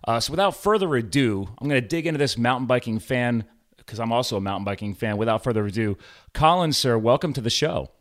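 A man's voice: medium pitch, animated, fast talker. A man hosting a podcast interview, chatting enthusiastically and laughing often. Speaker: podcast host. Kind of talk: casual interview chat.

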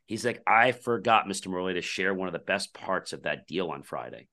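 Male podcast guest, deep bright voice, animated storyteller who plays out the back-and-forth in his anecdotes. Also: fairly quick. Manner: animated storyteller acting out quoted dialogue. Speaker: podcast guest, company founder.

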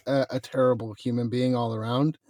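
A man hosts a podcast in a relaxed, conversational way, filling pauses with "you know." His voice is mid-pitched. The recording is dry and close. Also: no room sound. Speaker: podcast host. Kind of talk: casual chat.

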